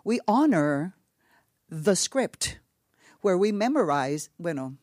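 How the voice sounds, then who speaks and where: Animated Puerto Rican woman storyteller. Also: fairly low pitch, slow, no room sound. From Puerto Rico. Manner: animated storyteller, acts out quotes, laughs often, Spanish asides. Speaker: actress on a panel. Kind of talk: panel talk, telling an anecdote.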